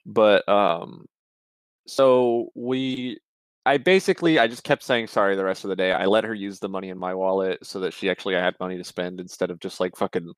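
A young man spins a long rambling tale on a podcast, dropping swear words and restarting his sentences. His voice sits fairly low, and it is recorded on a close mic in a dry, deadened space. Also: clear, resonant tone, dry recording. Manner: rambling, swears a lot, many fillers and restarts. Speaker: podcast co-host. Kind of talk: casual storytelling chat.

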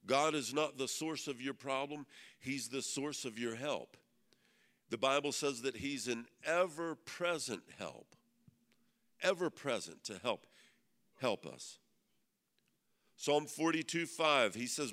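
A man, a pastor, preaching a sermon at a men's meeting. He often asks the room "Amen?" and slows down to read scripture with emphasis. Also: mid-range voice, expressive, a bit bright. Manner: preaching with frequent "Amen?" call-outs to the audience; reads scripture aloud slowly and with emphasis.

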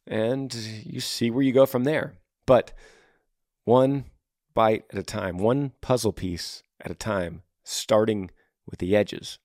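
A man's voice: fairly low pitch, slow, a little mellow, no room sound, studio quality. A man hosting an advice podcast, answering listener questions earnestly. He repeats his key points and acts out example lines.

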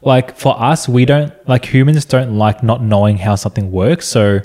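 A man's voice: mid-range voice, fairly even intonation, normal speed, warm tone. A young man in casual couple chat, arguing his side with self-mocking humor. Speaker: vlogger.

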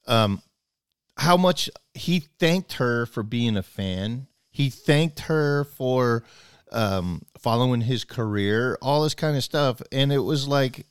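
A man's voice: mid-range voice, clear, resonant tone, dry recording, clean studio sound. A man telling a long personal story in casual chat, rambling, restarting his sentences, and acting out both sides of the conversation.

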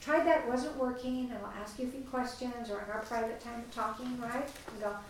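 A woman teaches a small parenting group, chatty and storytelling. Her voice sits a little high. She is recorded from across the room, with heavy room echo. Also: steady tone, quick pace, noisy background. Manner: chatty, acts out quoted voices. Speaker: parenting class leader. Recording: echoey room, mic far off.

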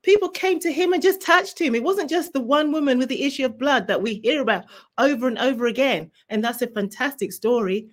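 A woman's voice: sits high, fairly quick. A woman who is a guest author, sharing a fervent faith testimony in an interview. She speaks like a preacher and repeats key phrases for emphasis.

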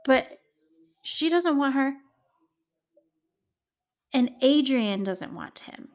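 A woman's voice: high voice, lively intonation, extremely slow, darkish tone. A woman telling a true crime story in a casual, chatty way, with indignant asides to her listeners. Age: adult parent. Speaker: true crime podcast host.

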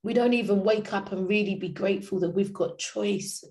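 A woman's voice: medium pitch, moderate pace, darkish tone. A woman giving an inspirational talk, passionate and slangy, driving her points home with repetition. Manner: passionate, slangy, repeats phrases for emphasis.

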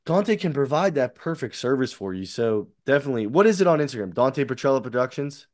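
A man's voice: mid-range voice, big pitch swings, fast talker, darkish tone, no room sound, clean studio sound. A man co-hosting a casual podcast, rambling with fillers and restarts. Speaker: podcast co-host. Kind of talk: casual chat.

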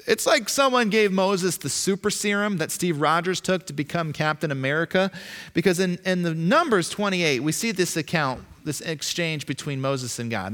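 A man preaching a sermon in an animated, emphatic way, acting out voices as he goes. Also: a little high. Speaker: pastor. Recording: long reverb, echoey hall.

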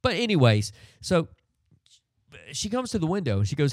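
Middle-aged male podcast host, lively swinging delivery, dry close sound, casual profane ranter. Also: on the high side, moderate pace, long pauses, dry recording. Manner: profane, animated storytelling with frequent fillers. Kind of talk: ranting casual monologue.

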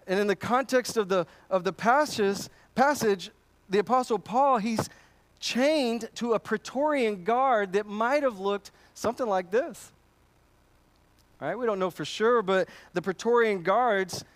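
Pastor, male, high-pitched, casual emphatic sermon delivery with frequent restarts. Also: a little slow. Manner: conversational, emphatic, repeats phrases.

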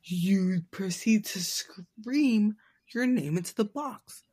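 A young woman co-hosting a podcast in casual chat, low-key and blunt, her voice often trailing off quietly. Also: lively intonation, takes it slowly, breathy edge. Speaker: podcast co-host.

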